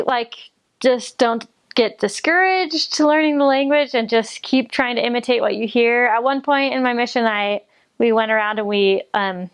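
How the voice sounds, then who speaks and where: A young woman from the United States chats about her time abroad in a slightly high voice. She is giggly and loose, filling pauses with fillers as she goes. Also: clean tone. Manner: chatty, giggly, many fillers. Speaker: returned missionary. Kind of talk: casual chat.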